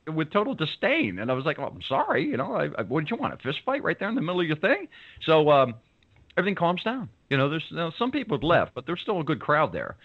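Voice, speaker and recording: A man hosting a radio show, telling a story casually and acting out the people in it. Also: medium pitch. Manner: animated, acts out the people in his story. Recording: dull lo-fi sound.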